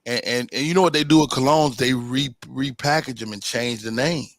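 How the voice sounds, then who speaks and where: A man's voice: mid-range voice, moderate pace, dry recording. A man hosting a podcast in casual chat, playful and joking. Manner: playful, joking, quotes people in put-on voices. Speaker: podcast host.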